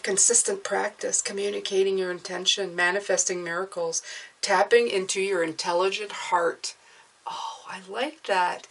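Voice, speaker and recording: A woman giving a casual tarot reading, who bursts into delight over the cards and then drops to a soft murmur as she reads card texts aloud. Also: medium pitch, recorded from a distance. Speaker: tarot reader.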